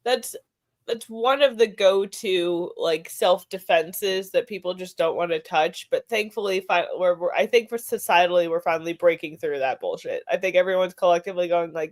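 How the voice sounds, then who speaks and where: A woman's voice: fairly low pitch, normal speed. A young adult woman on a podcast panel, chatting bluntly with laughing asides. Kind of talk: casual chat.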